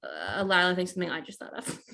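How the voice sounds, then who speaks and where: A woman's voice: lowish voice, sing-song, fast, gravelly, pushed and bright. A woman playing a tabletop game, speaking hesitantly with fillers. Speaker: player.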